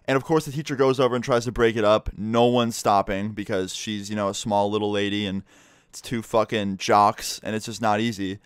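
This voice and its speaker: A man's voice: fairly low pitch, a little fast, clean tone, dry recording, studio quality. Casually cursing young male storyteller. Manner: casual, profane, animated storytelling. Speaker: vlogger. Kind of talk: storytime vlog.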